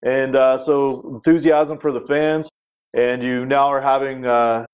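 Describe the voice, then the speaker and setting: A man hosting a podcast interview, asking questions in a relaxed, conversational way with plenty of fillers. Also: mid-range voice, unhurried, smooth. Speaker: podcast host.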